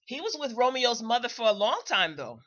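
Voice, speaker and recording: A woman's voice: fairly high pitch, very animated, fairly quick, fairly bright tone, muffled recording. A woman hosting a live commentary show, talking straight to her viewers and repeating phrases for emphasis. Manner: chatty, addresses viewers directly. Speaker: host.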